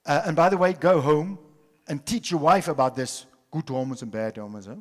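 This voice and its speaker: An older man from South Africa giving a dramatic conference talk, swinging from loud storytelling to hushed asides. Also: a little high, fairly quick. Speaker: conference speaker. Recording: hall reverb.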